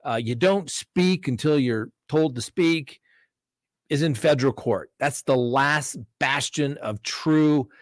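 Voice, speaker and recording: Combative animated man, dry sound. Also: mid-range voice, slow, no echo. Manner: animated storytelling, acting out courtroom exchanges; blunt, combative. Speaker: defense attorney and show host. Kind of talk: live-stream crime talk.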